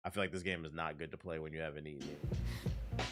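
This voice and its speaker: A male game streamer giving casual gaming commentary, excitable and profane, with loud outbursts. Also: a bass voice, a little fast. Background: game music.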